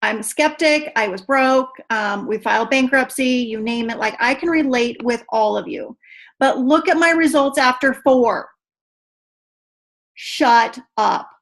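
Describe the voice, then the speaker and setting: A woman's voice: high voice, measured pace. Upbeat woman trainer, gushing and talkative on a video call. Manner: chatty and excitable, says "you guys" a lot. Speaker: team trainer.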